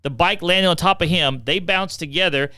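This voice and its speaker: A middle-aged man, a podcast co-host telling funny family stories in a chatty, animated way. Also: fairly high pitch, normal speed, smooth, no room sound, studio quality. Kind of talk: casual storytelling.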